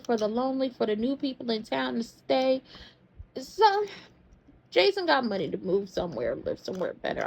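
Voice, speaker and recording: A woman's voice: fairly high pitch, a little mellow. A woman hosting a soap opera recap in casual commentary, sassy and slangy as she tells stories. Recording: dull lo-fi sound.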